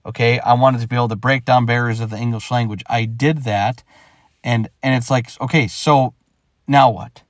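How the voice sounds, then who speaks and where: A young man talking through his retirement from rap in a casual vlog, animated and emphatic, repeating himself and acting out quick thoughts. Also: mid-range voice, dry recording, clean studio sound. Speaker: rapper explaining his retirement.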